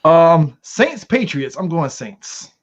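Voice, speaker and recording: Male football podcast co-host, giggly and hesitant, lively pitch, muffled lo-fi audio. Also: slow. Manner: laughs often, hesitant fillers. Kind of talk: casual sports chat. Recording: dull lo-fi mic.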